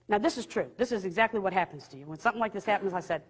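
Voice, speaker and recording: A woman giving a lively, humorous faith testimony, acting out what people said as she tells the story. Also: mid-range voice, racing, hardly any pauses, a little hiss or hum. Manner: lively, humorous, acts out quotes. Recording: long hall reverb.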